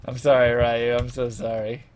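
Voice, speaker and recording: A man live-streaming a game, joking, laughing a lot and yelling when excited. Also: medium pitch, normal speed, a little hiss or hum.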